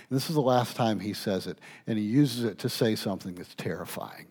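A man preaching a sermon emphatically, rising loud and dropping to a hush. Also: on the low side, brisk, few pauses, slightly rough. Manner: emphatic, swings from loud to hushed. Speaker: pastor.

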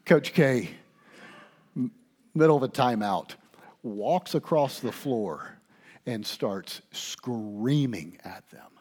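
Guy preaching a sermon, kinda husky, gets loud then goes real quiet. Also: mid-range voice, takes it slowly. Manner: swings from quiet to loud, animated storytelling.

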